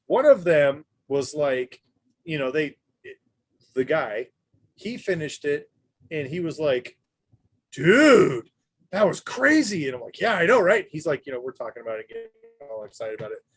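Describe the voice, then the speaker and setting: A man co-hosting a podcast in casual chat, telling stories in an animated way and stumbling over his words. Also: a little high. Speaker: podcast co-host.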